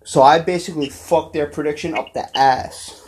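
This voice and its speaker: A man's voice: fairly high pitch, steady tone, slight background noise, poor audio. A man co-hosting a sports podcast, blunt and profane in casual banter. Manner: blunt, profane, slow-spoken. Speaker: podcast co-host.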